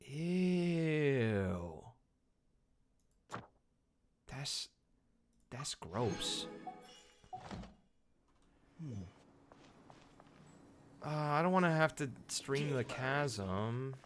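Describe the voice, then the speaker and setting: A man's voice: medium pitch, very animated, extremely slow, long pauses, a little hiss or hum. A man streaming a video game who jokes with his chat, thinks aloud, and mimics the characters. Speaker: streamer and voice actor. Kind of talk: casual game-stream chatter. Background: faint game music.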